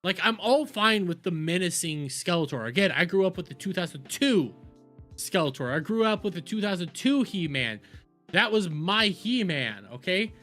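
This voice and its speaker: A man's voice: high voice, animated, normal speed, a bit bright, soft background music. A young adult man giving profane, rambling reaction commentary as a video host.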